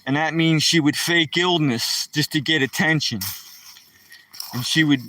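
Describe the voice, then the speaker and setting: A man chats with his live-stream viewers as he walks through the woods, rambling through a story. His voice is bright and a touch high, and it sounds dry and a bit distant from the phone mic. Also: a little slow, no room sound. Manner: rambling, chatty, addresses viewers by name. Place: outdoors walking through woods.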